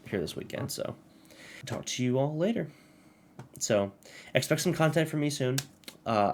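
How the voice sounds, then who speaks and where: Young male game vlogger, heated rant, lowish voice, faint room hum. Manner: angry, swearing, laughing while reading aloud. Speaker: gaming commentator. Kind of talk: casual rant to camera.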